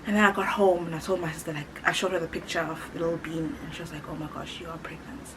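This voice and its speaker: A woman's voice: lowish voice, very fast, noisy background. A woman in her late twenties from South Africa, heavily pregnant, chatting animatedly to her viewers and acting out quotes. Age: 20s. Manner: animated, chatty, laughs often, acts out quotes. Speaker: YouTuber. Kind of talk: casual storytelling to camera.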